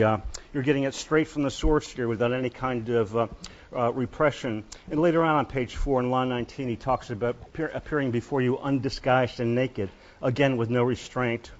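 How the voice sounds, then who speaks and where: A male literature professor gives a university lecture in a lecture hall, speaking in a halting way, often pausing and starting over. His voice sits at an ordinary middle pitch. The recording sounds a little muffled and dull. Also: steady tone.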